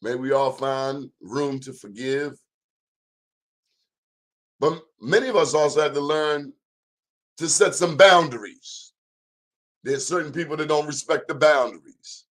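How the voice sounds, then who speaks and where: A man's voice: fairly high pitch, unhurried, pauses often. A man hosting his own talk show, giving an emphatic, preachy monologue in a folksy, plain-spoken way. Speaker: show host.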